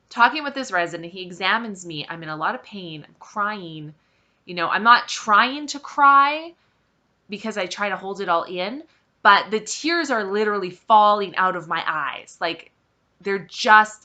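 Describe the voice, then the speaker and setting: Woman vlogging her own story, slow and animated, voice jumping all over, blunt and fed up. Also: medium pitch. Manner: emphatic, candid, exasperated retelling. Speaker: vlog host. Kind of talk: personal storytelling to camera.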